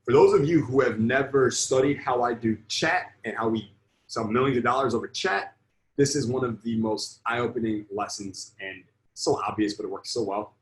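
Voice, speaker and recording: A man's voice: medium pitch, normal speed, roomy sound, rough recording. A man coaching on sales in a live online lesson, blunt and emphatic, swearing freely.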